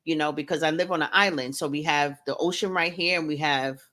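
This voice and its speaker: A woman's voice: low-pitched, steady tone, fairly quick, bright, forceful tone. Chatty woman hosting a home livestream. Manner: chatty, greets viewers by name, playful asides. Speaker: livestream host and author. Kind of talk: casual live-stream chat.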